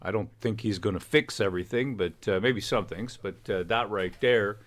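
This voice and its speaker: Low male stream host, rambling joker, casual chat. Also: moderate pace. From Canada. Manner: rambling, joking storyteller. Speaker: livestream host.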